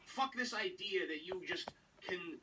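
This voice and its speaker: A man's voice: high voice, animated, unhurried, background noise. A man hosting a show, ranting sarcastically and with a lot of swearing. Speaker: show host. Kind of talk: ranting commentary.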